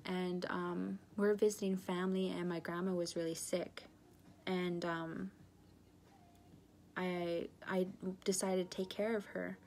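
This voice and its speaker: A woman of about 30 from northern British Columbia, Canada, recounting her own story in earnest, confessional testimony. Her voice sits low and moves very little in pitch. She speaks haltingly, pausing often and filling the gaps with small fillers. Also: level tone, darkish tone, slight background noise. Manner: halting, with frequent pauses and fillers. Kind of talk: personal recovery testimony.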